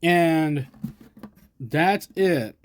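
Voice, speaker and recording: Standing at a camera stand indoors, this American collector gives a casual show-and-tell of his vintage equipment. He draws out his words in a slightly high voice as he rambles along with self-deprecating, chatty comments.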